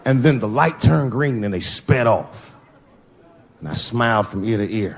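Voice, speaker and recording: A man doing stand-up, telling a long story and acting out the people in it, with a profane, animated delivery. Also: medium pitch, moderate pace. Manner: animated, acts out characters, profane. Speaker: stand-up comedian. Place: comedy venue with live audience. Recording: live show recording with audience noise.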